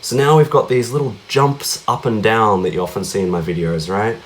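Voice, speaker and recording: Speaking briskly in a fairly low, evenly pitched voice, a man walks through cajon rhythms in an informal lesson, with slight noise behind him. Talkative by nature, he scatters "yeah?" and "right?" throughout, counting beats and voicing the drum sounds.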